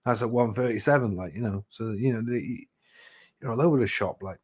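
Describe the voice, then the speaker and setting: A man's voice: medium pitch, fairly quick, darkish tone, slightly rough. A man telling stories in a casual chat, rambling and swearing freely with lots of "you know". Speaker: live chat host.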